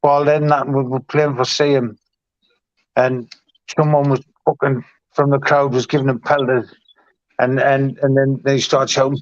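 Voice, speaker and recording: A middle-aged man, hosting and recalling football days in halting, repetitive casual chat. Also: mid-range voice, flat delivery, no room sound. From North East England. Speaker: show host and former player. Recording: dry, muffled lo-fi sound.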